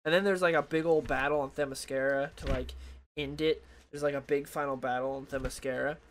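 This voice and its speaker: A man's voice: medium pitch, fairly even intonation, brisk, slight background noise. A young man rambling loosely through a comic book review, full of fillers and restarts, talking into a desk microphone. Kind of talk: casual solo review talk.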